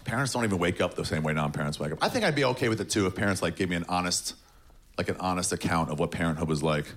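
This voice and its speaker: A man doing a stand-up set on a club stage, sardonic and mocking, jumping into high shouted voices when he acts people out. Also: very fast. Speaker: stand-up comedian. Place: comedy club stage with audience. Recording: noisy live club recording.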